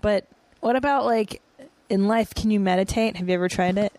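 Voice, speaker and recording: A woman's voice: mid-range voice, a little fast, darkish tone, dry recording. Blunt woman comedian guest. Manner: direct, pushy, swears casually. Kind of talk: casual chat.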